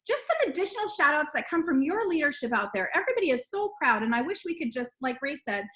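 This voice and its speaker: Bubbly high-voiced woman hosting a call. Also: big pitch swings, fast, a bit bright, low-quality recording. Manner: bubbly, exclaims and laughs while reading names. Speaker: host of a team sales call. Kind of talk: upbeat recognition call.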